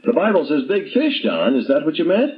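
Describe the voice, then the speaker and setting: A man reading aloud plays a teenage boy gunman who fires jeering questions at his teacher, pitched higher than the reader's own voice and full of swings. The playback sounds dull and muffled. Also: huge pitch swings, fairly quick. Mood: taunting. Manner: mocking, needling questions.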